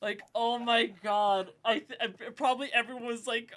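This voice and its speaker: A woman's voice: on the high side, fairly even intonation, normal speed, few pauses, fairly bright tone. A young woman chatting casually while gaming, making playful joking reactions. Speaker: streamer.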